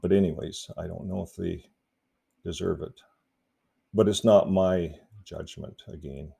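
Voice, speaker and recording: A man with a low, gravelly voice talks casually to his viewers in a vlog. His tone is dark and mellow, and his delivery is relaxed and rambling, broken up by frequent chuckles. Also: unhurried. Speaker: YouTube activist vlogger.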